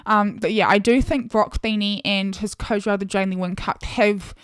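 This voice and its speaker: A woman's voice: mid-range voice, fairly even intonation, normal speed, clean tone, no room sound, clean studio sound. Chatty New woman podcaster. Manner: chatty, enthusiastic, lots of fillers. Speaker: podcast host. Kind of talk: solo sports podcast chat.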